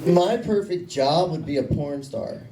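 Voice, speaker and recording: Deadpan young man doing stand-up. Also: on the high side, unhurried, background noise. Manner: deadpan, self-mocking storytelling. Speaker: stand-up comedian. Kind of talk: stand-up comedy set. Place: small comedy club. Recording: echoey room, voice from a distance.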